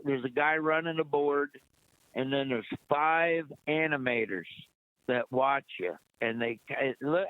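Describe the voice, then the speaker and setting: A lively male storyteller comes through a thin, phone-like line with no room sound at all. He sits mid-range in pitch and spins backstage tales, switching into voices for the people he quotes. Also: dry recording. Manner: lively anecdote teller who acts out quotes. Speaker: guest comedian. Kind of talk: casual interview storytelling. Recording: dry, tinny phone-like line.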